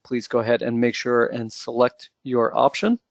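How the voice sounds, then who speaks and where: Gravelly man moderating a webinar poll. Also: mid-range voice, little pitch movement, normal speed, no echo. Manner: friendly, procedural instructions. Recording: dry, dull lo-fi webinar audio.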